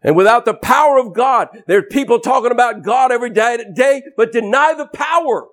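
Male preacher, twang, high voice, fiery deliverance sermon, shouts for emphasis. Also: fairly quick. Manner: forceful, preaching with shouted bursts and emphatic repetition.

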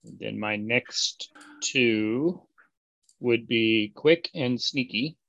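A man's voice: medium pitch, extremely slow, vocal fry, fairly bright tone, no room sound, lo-fi sound. A man playing in a tabletop game, answering in a plain, matter-of-fact way. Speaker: player.

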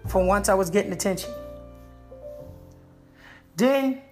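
A man telling a comic story from his own life in an animated, playful and jokey way. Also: high voice, measured pace, soft background music.

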